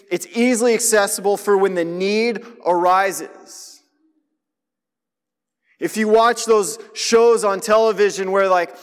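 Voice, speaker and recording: A man's voice: sits high, clean tone, in a large hall. A man giving a sermon as a pastor, speaking in a conversational, direct way and drawing the listeners in. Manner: conversational preaching, asks listeners to notice.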